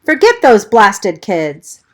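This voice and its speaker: A woman reading the shouted lines of a tough, hot-tempered teenage boy. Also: mid-range voice, wildly swooping pitch, slow pace. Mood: frantic. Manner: yelling, swearing.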